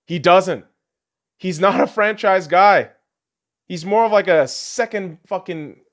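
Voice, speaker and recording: A man hosting a podcast, delivering a profane, heckling sports rant in a casual, animated way. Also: high voice. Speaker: podcast host.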